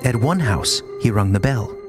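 A man, a podcast co-host, giving a measured, formal reading of a historical letter. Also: medium pitch, animated, over loud music.

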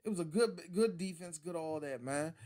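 A man co-hosting a casual sports podcast, animated and laughing often, acting out quick voices as he jokes about football. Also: a little high. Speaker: podcast co-host.

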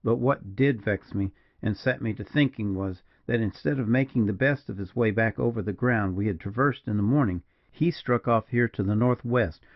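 A man voicing a grave frontier partisan major who speaks slowly and mournfully, in a dull, dry recording. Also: on the low side, no echo. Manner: slow, mournful, measured.

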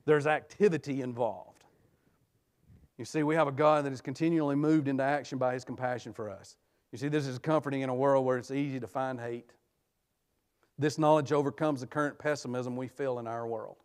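A man, a guest preacher, delivering a conversational sermon in a church, telling family stories and swinging between quiet, talky passages and sudden loud rises. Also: medium pitch, steady tone, fairly quick. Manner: tells personal family stories, laughs often. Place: church sanctuary.

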